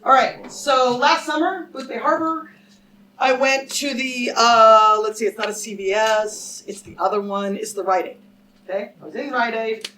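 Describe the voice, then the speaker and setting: A woman speaking at a public lecture, her voice sitting a bit high for a woman. She talks emphatically and directly, checking in with her audience with short questions. She is picked up from a little way off the mic, with a faint hiss in the background. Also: fairly even intonation, normal speed, pushed and bright, recorded from a distance, rough recording. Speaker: scholar giving a talk. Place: lecture hall with a live audience.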